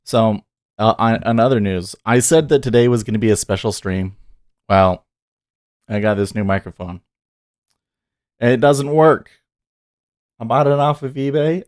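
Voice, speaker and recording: A man's voice: mid-range voice, a little slow, long pauses, darkish tone. A man hosting a day trading livestream, talking casually and exasperatedly, swearing as he rants at the charts. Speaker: day trader streamer.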